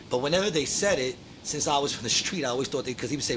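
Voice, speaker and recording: Fast-talking man telling band stories. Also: a bit bright. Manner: rambling, storytelling with laughs. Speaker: podcast co-host. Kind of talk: casual chat. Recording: noisy room recording with rumble.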